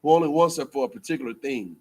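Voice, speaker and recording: A man's voice: medium pitch, racing, dark tone, slight background noise. A man preaching in casual banter, joking and laughing often, repeating himself and restarting mid-phrase. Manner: loose, joking, laughs often, trails off into fillers. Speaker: teacher at a religious school.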